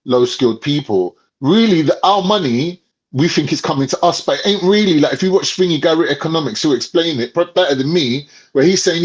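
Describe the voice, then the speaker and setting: A man's voice: on the high side, expressive, brisk, husky. A young man with a London accent, telling stories and chatting casually on a podcast, full of slang and swearing. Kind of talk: casual chat. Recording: slightly dull lo-fi sound.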